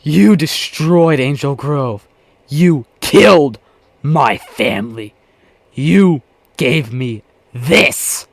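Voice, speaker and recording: Bitter scarred young male hero, a man reading him; slow, raised-pitch storybook delivery. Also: lively intonation, vocal fry, no echo, exaggerated voice. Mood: bitter, furious.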